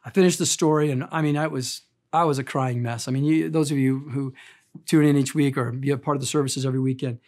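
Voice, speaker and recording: A man in his fifties preaching a sermon as pastor, impassioned and emotional, swinging between loud emphatic lines and quiet confiding ones. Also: medium pitch, fairly even intonation, fast talker. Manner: emotional, speaks of being easily choked up.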